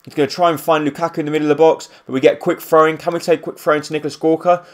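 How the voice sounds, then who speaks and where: A man with a slightly raised voice calls his football video game as it unfolds. His play-by-play gets excitable at chances, then drifts into rambling asides about his players. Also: fairly high pitch, racing. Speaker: gaming YouTuber. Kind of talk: live football game commentary.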